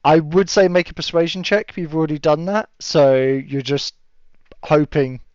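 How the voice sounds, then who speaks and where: A man's voice: a little high, fairly even intonation, normal speed, a little mellow, smooth, no echo. A man running a tabletop game as game master, chatting casually with fillers and laughing asides. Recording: dull lo-fi audio with a dry sound.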